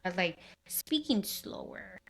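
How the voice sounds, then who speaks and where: Woman host, mid pitch, chatty and full of fillers. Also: lively intonation, slow, creaky, fairly bright tone. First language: Spanish. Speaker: podcast host. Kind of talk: casual interview chat.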